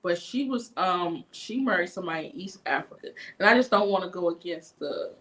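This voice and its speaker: Animated, profane D.C. woman. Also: lowish voice, a little fast. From Washington, D.C. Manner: animated, profane, acts out quotes. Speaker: livestream host. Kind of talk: casual livestream chat, storytelling.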